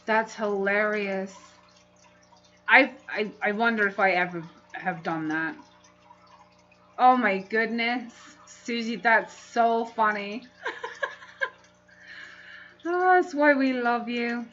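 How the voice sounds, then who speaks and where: A woman's voice: fairly high pitch, slow pace, fairly bright tone, lo-fi sound, a little hiss or hum. A woman hosting a casual livestream, chatting and laughing often as she reads comments aloud. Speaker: livestream host.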